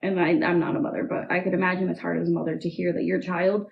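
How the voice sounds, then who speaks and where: A young woman as an interview guest, telling a painful personal story in a halting way, full of "like" and "um". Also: on the low side, level tone, vocal fry, a little hiss or hum. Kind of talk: emotional personal testimony. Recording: dull, muffled recording with faint music.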